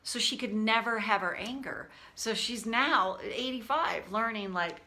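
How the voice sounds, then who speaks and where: A woman coaching viewers on a livestream, candid and animated, speaking to them by name. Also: a little high, unhurried, few pauses. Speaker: tapping coach.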